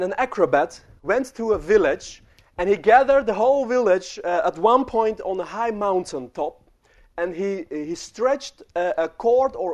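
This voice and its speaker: Young male preacher, high tenor, chatty sermon storytelling that speaks straight to the room. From refugee childhood in the Netherlands. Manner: storytelling, addresses the congregation directly.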